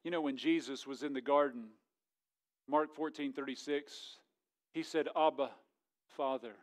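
A middle-aged man, a pastor preaching a sermon in a church, jokey and animated, swinging between loud and hushed. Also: on the high side, normal speed. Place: church sanctuary.

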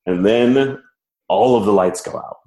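Deep-voiced man telling a story. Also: a little slow. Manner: animated, self-mocking, laughs while telling. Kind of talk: casual personal storytelling. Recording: roomy echo.

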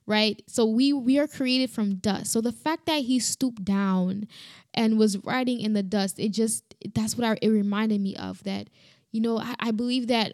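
A woman's voice: medium pitch, a little mellow, no room sound, studio quality. Earnest woman reflecting on scripture. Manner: earnest, halting, many restarts and "you know". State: emotional. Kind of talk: personal Bible reflection.

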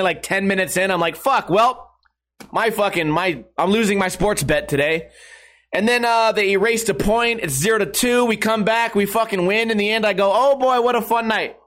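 A man's voice: high-pitched, fairly quick, a bit bright. A man streaming live, telling a rambling story to his chat with frequent swearing and bursts of laughter.

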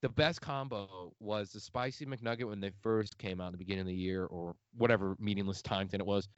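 A man's voice: on the low side, fairly even intonation, fairly quick, smooth, no room sound. A man with a Midwestern accent, hosting a podcast in casual chat, swearing freely and laughing often. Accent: Midwestern American. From outside Chicago. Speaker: podcast host. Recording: dry, muffled lo-fi audio.

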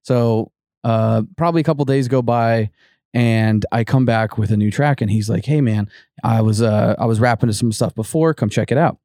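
Man, middle pitch, dry close sound, casual rambling storyteller who quotes himself a lot. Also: moderate pace, dark tone, dry recording. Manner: rambling, full of "like" and restarts, acts out quotes. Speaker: podcast co-host telling a ghost story.

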